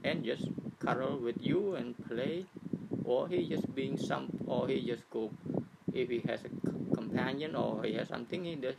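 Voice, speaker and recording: Gravelly man teaching over loud noise. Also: mid-range voice. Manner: repetitive, halting, checks in with "right?" and "okay". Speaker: speaker giving a talk on attachment. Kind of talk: informal teaching talk.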